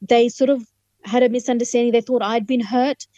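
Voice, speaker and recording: A woman's voice: fairly high pitch, fairly even intonation, brisk, mellow, dry recording, highs cut off. A woman from Fiji, a human rights lawyer telling her faith testimony as a guest, earnestly acting out the dialogue. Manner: earnest, vivid storyteller who acts out dialogue. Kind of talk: testimony storytelling in an interview.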